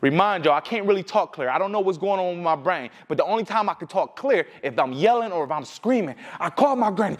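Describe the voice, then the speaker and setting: A young man from Detroit giving a motivational talk, telling his own story in an emphatic way that swings between loud and hushed. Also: high voice, expressive, fast, hardly any pauses. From Detroit, USA. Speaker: motivational speaker. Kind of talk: personal storytelling speech.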